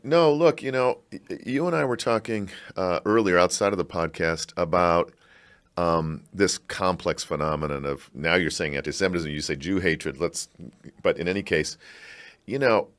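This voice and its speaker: A middle-aged man from Chicago, a scholar talking in a podcast interview, reflective and halting with animated bursts. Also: deep voice. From Chicago, United States. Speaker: guest, scholar and university provost.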